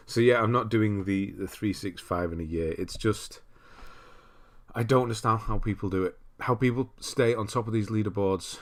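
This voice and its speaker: A man's voice: lowish voice, moderate pace. Chatty British host greeting his stream viewers. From Britain. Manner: chatty, greets chat viewers by name, rambling. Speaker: livestream host. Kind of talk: casual livestream chat. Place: cold room at home.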